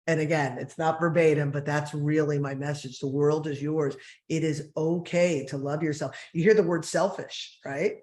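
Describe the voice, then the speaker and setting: Animated Jersey-raised woman in her forties. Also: deep voice. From New Jersey. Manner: animated, laughing, quick asides. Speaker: guest author. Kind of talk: casual interview chat.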